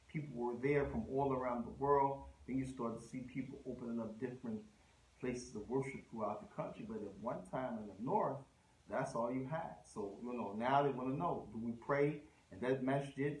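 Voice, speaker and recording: Male lecturer, mid pitch, loose conversational delivery, echoey room. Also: normal speed, slight background noise. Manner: conversational, scattered Arabic phrases and restarts. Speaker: Islamic lecturer. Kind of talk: religious lecture.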